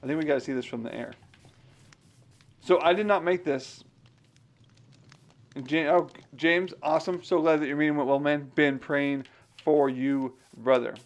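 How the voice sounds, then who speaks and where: A man's voice: on the high side, moderate pace, pauses often. Chatty man streaming a game. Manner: chatty, talks to himself while playing. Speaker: game streamer and digital missionary. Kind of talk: casual chat while gaming and reading scripture.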